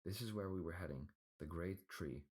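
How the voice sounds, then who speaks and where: A calm, steady leader who lays out plans in a very deep voice, as a man reads him out. Storybook hero's guide. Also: moderate pace, breathy edge.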